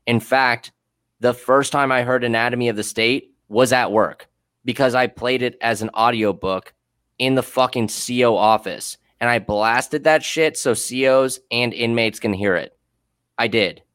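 A man's voice: mid-range voice, measured pace, fairly bright tone, clean tone, no room sound, studio quality. A man who worked as a prison guard, telling blunt, profane stories in a casual podcast chat that turn heated.

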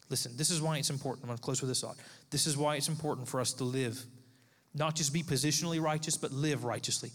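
A man's voice: mid-range voice, fairly even intonation, quick pace. A male pastor, likely in his thirties, preaching a sermon with emphatic, repeated phrases. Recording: long echo of a large hall.

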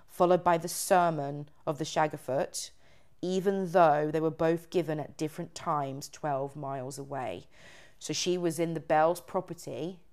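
Low-voiced woman telling a ghost story. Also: darkish tone. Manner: chatty, many fillers while retelling. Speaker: podcast host. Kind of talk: casual storytelling chat.

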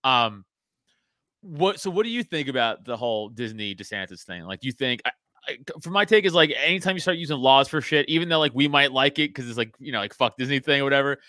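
A man's voice: mid-range voice, lively intonation, quick pace, sharp tone, dry recording. A man talking in a casual podcast chat as a comedian guest, laughing often and swearing freely.

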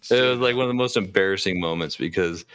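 Low bright-toned man telling stories. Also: fast, clear, resonant tone. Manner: storytelling, laughs at own stories, swears casually. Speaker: podcast host. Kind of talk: casual chat.

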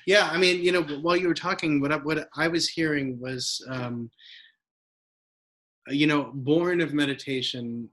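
A man's voice: fairly high pitch, steady tone, unhurried, fairly bright tone. A man, a Buddhist teacher, talking reflectively in a casual interview, with loose phrasing and frequent tag questions. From United States. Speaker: Buddhist teacher, podcast guest.

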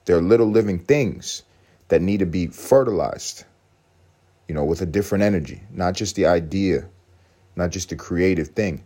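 Deep-voiced profane rambling podcast man. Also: normal speed, dark tone. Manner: profane, rambling, self-mocking. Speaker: podcast host. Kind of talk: casual solo podcast rant.

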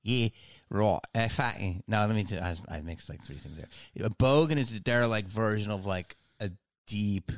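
A man's voice: on the low side, normal speed, no echo, clean studio sound. A man hosting a podcast, talking in a rambling, casual way with frequent laughs and easy swearing. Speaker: podcast host. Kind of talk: casual chat.

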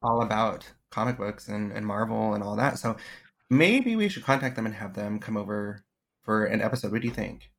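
A man's voice: fairly low pitch, lively intonation, normal speed, creaky, fairly bright tone. A man co-hosting a podcast, talking in a chatty, enthusiastic way. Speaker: podcast co-host. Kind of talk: casual chat.

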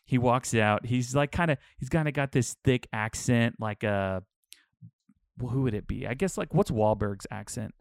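A man's voice: mid-range voice, normal speed, creaky, no echo, clean studio sound. A man co-hosting a podcast, rambling through stories in casual chat. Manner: rambling, animated storyteller. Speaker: podcast co-host.

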